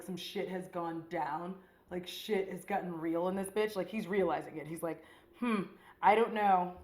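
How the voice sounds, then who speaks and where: A woman's voice: mid-range voice, darkish tone, echoey room, poor audio. A woman beauty vlogger chatting casually while doing her makeup, rambling in a slangy, profane way with lots of "like.".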